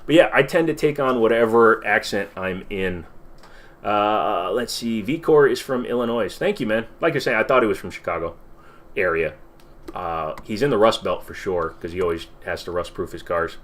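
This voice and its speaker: A man hosting a casual livestream Q&A, rambling and swearing as he reacts to viewer comments. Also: fairly low pitch. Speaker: livestream host.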